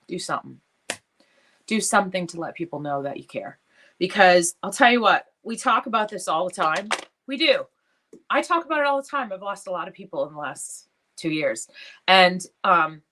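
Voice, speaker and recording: A woman's voice: lowish voice, a bit bright. Tearful woman hosting a live stream. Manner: emotional, heartfelt, halting with many fillers. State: tearful, has been crying. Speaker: jewelry business live-stream host. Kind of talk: casual live-stream talk to followers.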